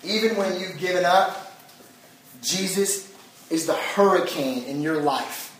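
A man's voice: high-pitched, unhurried, slight background noise. A young man preaching a sermon in a casual, chatty way, full of fillers, as a pastor. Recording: echoey hall from far off.

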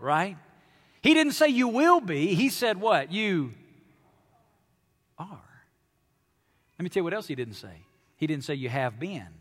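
A man from Alabama with a Southern accent, preaching a sermon as pastor, emphatic and animated with playful asides to the congregation. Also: sits high. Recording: long hall reverb.

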